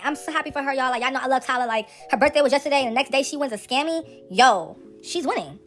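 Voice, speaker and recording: A woman hosting casual celebrity gossip commentary, sassy, slangy and animated. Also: high voice, quick pace, few pauses, faint music behind.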